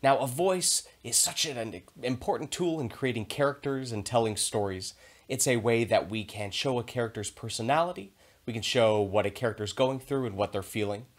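A man teaching a theater video lesson to young children, speaking in a clear, encouraging and expressive way. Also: medium pitch, normal speed.

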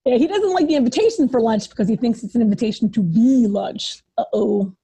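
A woman who teaches preschool brings a picture book to life for young children with an animated, sing-song reading. She speaks a little fast at a fairly high pitch, with a breathy edge.

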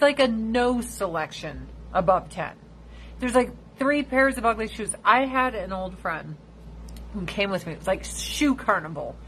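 A woman hosting a casual livestream chat, telling blunt, profane stories and squealing high when she imitates other people. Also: fairly bright tone, slight background noise, rough recording. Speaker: livestream host.

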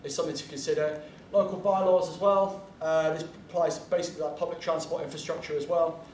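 A man's voice: a little high, fairly even intonation, fairly quick, a little mellow, slight background noise. A man giving a casual convention panel talk, chatty and blunt, drifting into asides and the odd swear word. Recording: echoey room from far off, faint ambience.

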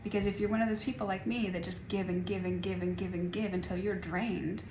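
Chatty woman with a gravelly voice. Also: medium pitch, fairly even intonation, brisk, noisy background. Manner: chatty, rambling, laughs often. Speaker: spiritual vlogger. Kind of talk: casual spiritual talk to viewers. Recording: echoey room, faint ambience.

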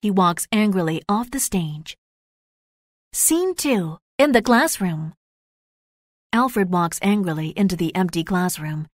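A woman reading the narration of a graded storybook, slow and clear. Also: lowish voice, animated, no room sound, studio quality. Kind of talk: scripted narration of a graded reader.

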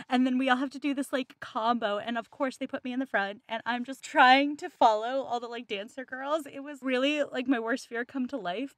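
A young woman co-hosts a casual book podcast, her voice sitting a touch high. She tells stories in a jokey, animated way and slips into voices for quotes. The sound is close and dry. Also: a little fast, few pauses, dry recording. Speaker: podcast co-host.

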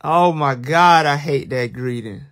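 A young man with a drawl hosts a casual livestream, ribbing his viewers. His talk is unhurried and drawn out, and his voice sits a touch higher than most men's. He slips into bursts of mock alarm and easy teasing. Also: a bit bright. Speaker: livestream host.

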